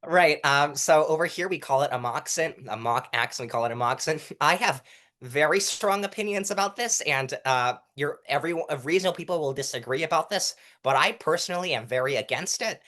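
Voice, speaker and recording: A man's voice: on the high side, a little fast. A young man in a casual interview, explaining courtroom delivery and acting out example lines to show it. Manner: animated, demonstrates delivery by reciting lines at different volumes. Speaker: interview guest, mock trial competitor.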